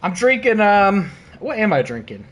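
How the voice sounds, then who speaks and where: A man streaming and commentating a wrestling video game, excitable and laughing, with casual swearing and playful trash talk. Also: high voice, moderate pace. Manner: excitable, laughing, bursts of disbelief.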